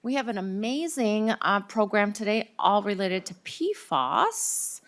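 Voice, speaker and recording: A woman's voice: mid-range voice, big pitch swings, measured pace, fairly bright tone. A woman chairing a legislative committee hearing, chatty and joking, with many fillers. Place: hearing room.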